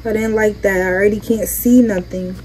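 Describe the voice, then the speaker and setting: A woman's voice: mid-range voice, steady tone, brisk, a little mellow, rough recording. A young woman giving chatty, slangy commentary while playing a game. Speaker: gaming creator. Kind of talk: casual gameplay commentary. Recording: game noise behind voice.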